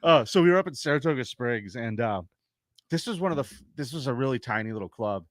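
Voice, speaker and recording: A man's voice: medium pitch, quick pace, no echo, studio quality. A man co-hosting a casual comedy podcast, telling profane stories and acting out the people in them. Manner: profane, animated storyteller who acts out quotes.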